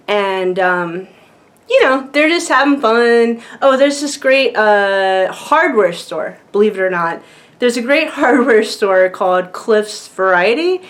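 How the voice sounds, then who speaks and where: A woman vlogger chatting casually to camera, rambling with lots of fillers and frequent laughs. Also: mid-range voice.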